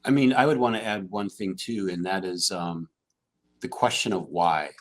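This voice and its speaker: A man speaking on a casual panel chat, animated and full of questions. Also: sits low, normal speed.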